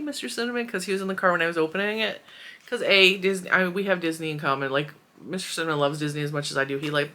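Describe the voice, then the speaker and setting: A woman's voice: mid-range voice, sharp tone. A woman in her forties hosting a crochet channel, chatting casually and emotionally as she opens mail, with giggles and fillers. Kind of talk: casual chat unboxing mail.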